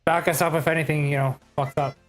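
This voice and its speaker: Male gamer, high-pitched, stammery and excitable in character. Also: quick pace, faint music behind. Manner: excitable, stammering, crude jokey. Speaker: player. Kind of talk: in-character tabletop role-play.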